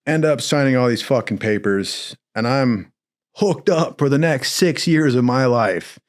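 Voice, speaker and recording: A young man from Southern California, his voice mid-range and unhurried, casually tells a long story from his own life. He swears often and acts out the people in it, quoting them in other voices.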